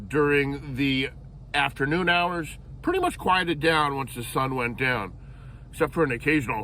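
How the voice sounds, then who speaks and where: A man's voice: fairly high pitch, expressive, moderate pace, pushed and bright, slight background noise. A man casually narrating his own camping vlog outdoors at a campground, jokey and playful. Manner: jokey, playful and self-amused. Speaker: vlogger.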